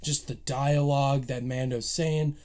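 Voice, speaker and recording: A man's voice: mid-range voice, fairly even intonation, unhurried, darkish tone. A man giving a casual spoken review of a TV episode, recapping plot beats with eager, emotional enthusiasm. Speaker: movie reviewer.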